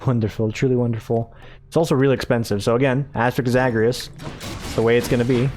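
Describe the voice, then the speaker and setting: A man's voice: medium pitch, fairly even intonation, fast, a little mellow, faint music behind. A man hosting a gaming video, giving casual let's-play commentary with rambling, self-mocking asides.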